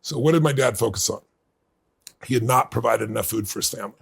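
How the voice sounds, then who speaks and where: A middle-aged man being interviewed, telling a personal story in earnest and building to bursts of excitement. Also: medium pitch, fast talker. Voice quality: gravelly, husky. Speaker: guest.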